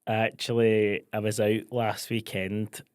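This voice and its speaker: Scottish male co-host, young, chatty and playful, lowish voice, dry studio sound. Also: completely flat delivery, takes it slowly, smooth, no echo. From Scotland. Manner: chatty, jokey, acts out quoted exchanges. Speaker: podcast co-host. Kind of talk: casual chat.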